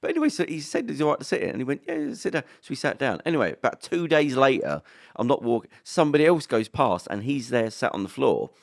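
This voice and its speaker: A jokey man in relaxed podcast chat, telling an anecdote. His voice rises and falls a lot, and he quotes people in passing. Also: medium pitch, fast talker, few pauses. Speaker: podcast co-host. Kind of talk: casual chat.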